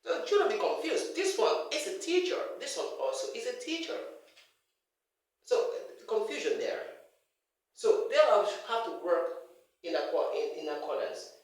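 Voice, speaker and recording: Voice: medium pitch, lively intonation, moderate pace. An emphatic speaker lecturing on pronunciation, their voice swinging up and down as they repeat words to drill them. The voice comes from far off the mic and rings through a very echoey hall.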